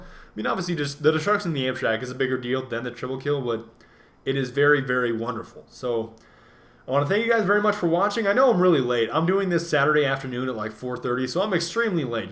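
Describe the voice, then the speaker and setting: A man's voice: mid-range voice, a bit bright. A man giving casual gameplay commentary, rambling along with jokes and self-mocking asides. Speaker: gaming commentator.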